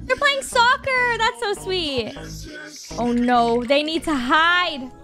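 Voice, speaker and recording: Very high-voiced, gasping woman reactor. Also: lively intonation, slow pace. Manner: gasping, emotional exclamations. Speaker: reaction video host. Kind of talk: reacting to animations. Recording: music playing clearly underneath.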